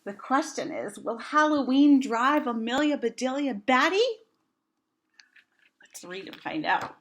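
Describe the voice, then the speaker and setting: A woman reading a children's storybook aloud, with gentle, chatty asides to young listeners. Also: fairly high pitch, lively intonation, a little slow. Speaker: storybook reader.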